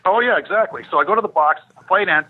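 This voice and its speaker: This man, in his fifties and once a professional hockey player, spins podcast stories in a high, husky, rapid-fire voice, performing the dialogue as he goes. The audio has a phone-like quality.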